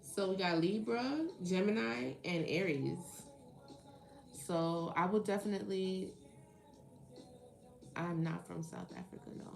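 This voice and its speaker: With a lowish, creaky voice, a tarot streamer banters playfully with her audience and reads out their comments. Faint music plays in the background of the echoey room.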